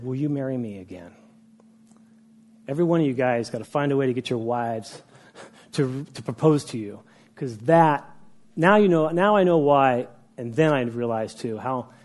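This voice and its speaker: A man in his sixties giving a personal storytelling speech to a group, animated and conversational, with frequent restarts. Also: mid-range voice. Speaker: speaker addressing a group.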